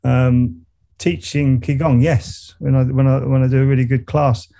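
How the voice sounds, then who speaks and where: This meditation coach and musician from Surrey, England, is middle-aged and speaks in a gravelly, mellow, medium-pitched voice with little pitch movement and a moderate pace. As a guest in a casual interview conversation, he rambles reflectively, with frequent restarts and laughter.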